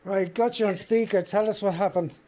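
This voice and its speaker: Irish male host, hesitant and stammering, relaxed mellow tone. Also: high-pitched, a little fast, slight background noise. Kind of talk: casual phone chat.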